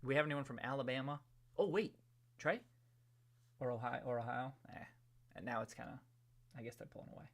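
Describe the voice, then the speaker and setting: A man hosting a live stream, chatting casually and greeting viewers from the chat one by one in a rambling, relaxed way. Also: medium pitch, a little fast, gravelly, long pauses.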